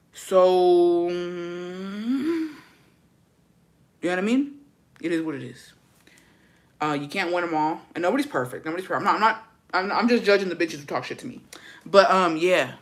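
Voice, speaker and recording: A woman vlogger telling a story in casual chat, profane, gossipy and animated. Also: on the low side, normal speed, long pauses.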